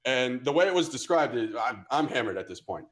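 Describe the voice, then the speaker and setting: Young male podcast co-host, mid pitch, animated and profane storyteller. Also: fairly quick, over a noisy crowd. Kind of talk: casual chat.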